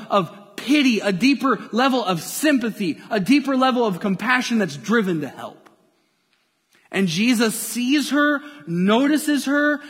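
A male pastor preaching a sermon to a church congregation, lively and playful as he draws listeners in. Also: high voice. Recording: long hall reverb from a church.

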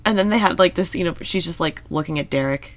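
A woman's voice: fairly low pitch, fast, no room sound. A woman in casual podcast chat about a TV show, talking loosely with many fillers and frequent laughs. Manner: chatty, filler-heavy, laughs often. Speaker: podcast co-host.

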